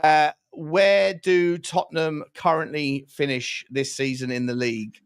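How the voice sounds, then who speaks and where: Brash host, slightly high voice. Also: male voice, fairly even intonation, a little slow, smooth, no echo, studio quality. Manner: brash, swears, reads super chats. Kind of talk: casual fan call-in chat.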